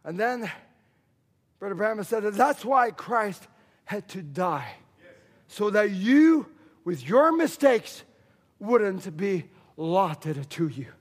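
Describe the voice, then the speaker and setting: A man's voice: high voice, very animated, slow, pauses often, breathy edge. A man preaching a sermon in a church, emphatic and repetitive in his delivery. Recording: long hall reverb.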